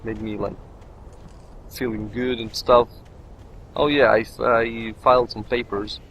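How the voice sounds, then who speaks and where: A man's voice: medium pitch, level tone, unhurried, a bit bright, low-quality recording. Non-native guy rambling thru a game playthrough, jokes at himself, bit of faint noise in the background. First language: not English. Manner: rambling, jokey, talks to himself. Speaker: let's play commentator. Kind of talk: casual gameplay commentary.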